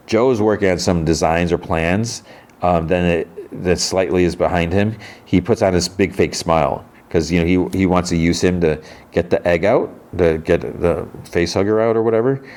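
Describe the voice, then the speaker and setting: A man's voice: deep voice, moderate pace, a little mellow. A man hosting a podcast, casually recapping a TV episode and retelling scenes with characters' lines. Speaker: podcast host.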